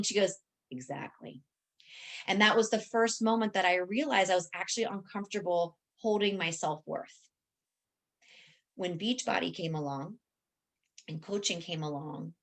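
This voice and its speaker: Woman, team coach, motivational pep talk, emphatic, video call. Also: mid-range voice. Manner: energetic, emphatic, repeats phrases for effect.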